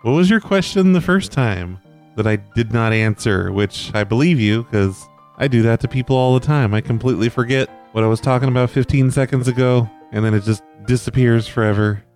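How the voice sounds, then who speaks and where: A male podcast host at a middle pitch, talking casually between voicemails. His humor is dry and self-deprecating, and he ribs his callers in an easy, offhand way. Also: fairly quick, darkish tone, soft background music. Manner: wry, self-deprecating, joking. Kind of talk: casual chat reacting to voicemails.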